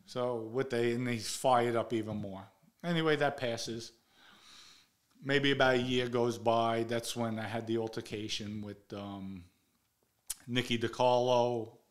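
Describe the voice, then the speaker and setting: A blunt older man tells street stories in a casual monologue. He swears freely and talks in a middle-pitched voice, getting loud and sharp whenever he acts out what someone said. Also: steady tone, measured pace. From the Bronx, New York. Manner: blunt, profane, acts out quotes in a raised voice. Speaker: show host telling stories.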